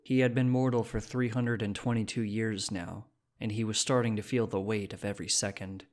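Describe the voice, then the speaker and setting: Low-voiced male story narrator. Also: a little fast. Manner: steady storytelling. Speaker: story reader. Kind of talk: scripted narration.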